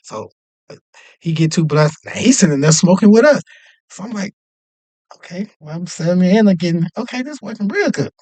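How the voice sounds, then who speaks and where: A young man casually telling a long, animated story, jumping up in pitch whenever he acts out other people's lines. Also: fairly quick, pauses often, no room sound. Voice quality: animated, acts out quoted voices with jumps in pitch. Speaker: podcast host.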